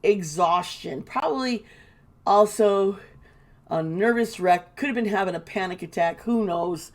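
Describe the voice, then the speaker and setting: A tarot reader and commentator offers casual, indignant commentary, cursing and mocking the people she quotes. Her voice is mid-range and her pace unhurried.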